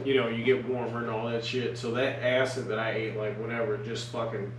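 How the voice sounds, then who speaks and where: A man's voice: medium pitch, little pitch movement, fairly quick. A man telling a rambling, profanity-laced story in casual podcast chat, full of fillers, recorded in a roomy space away from the mic. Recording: roomy, distant mic, faint noise.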